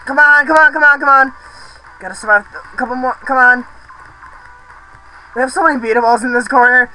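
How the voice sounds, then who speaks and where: A young man casually commenting on his gameplay, rambling, swearing and shouting excitedly at the game. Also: very high-pitched, a little fast, pauses often, faint music behind, rough recording. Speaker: let's play host.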